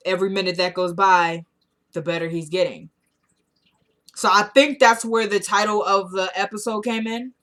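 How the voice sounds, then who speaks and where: A woman talks through a recap of a TV drama episode in a relaxed, chatty way. She retells the scenes by voicing the characters' lines and breaks in with her own blunt opinions. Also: mid-range voice, moderate pace. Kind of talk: casual recap chat.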